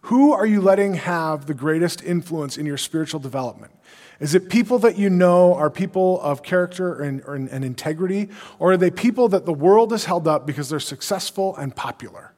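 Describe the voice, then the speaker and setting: Male pastor, earnest sermon delivery, somewhat high voice, reverberant church hall. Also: brisk, darkish tone. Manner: earnest preaching, reads scripture aloud, retells with casual dialogue.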